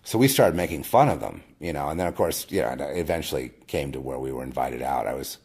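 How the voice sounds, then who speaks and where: A man giving a rambling personal testimony as host of his own video, with frequent restarts and swings between loud emphatic bursts and quiet murmurs. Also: a bass voice, lively intonation, fast talker, husky.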